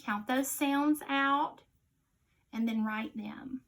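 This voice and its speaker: A woman teaching a phonics lesson to young children, sounding out each letter slowly and clearly. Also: high voice.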